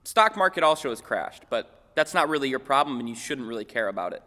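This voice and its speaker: A young man hosting a comedic news parody, with deadpan wisecracks in a mock-anchor delivery. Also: medium pitch, quick pace, big-room sound. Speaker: segment host.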